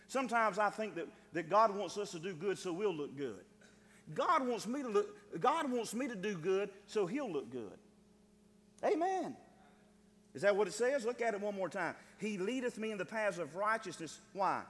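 High-voiced preacher man in echoing hall. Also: sing-song, normal speed. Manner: emphatic, calls for amens, swings from loud to hushed. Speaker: pastor. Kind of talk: sermon.

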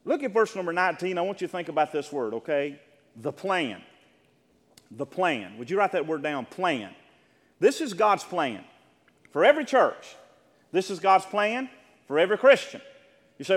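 A man preaching a sermon as pastor, asking the congregation for agreement and rising to loud, emphatic peaks. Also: a little high, lively intonation, a little slow, pauses often, long reverb tail.

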